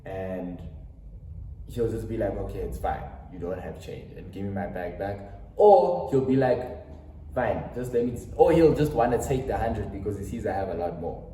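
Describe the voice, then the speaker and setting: A young South African man tells a dramatic storytime vlog, acting out quotes and throwing slangy asides to his viewers. His fairly low voice is expressive, mellow, and moderately paced, but he's off-mic and distant, with roomy echo, slight hiss or hum, and faint music behind him.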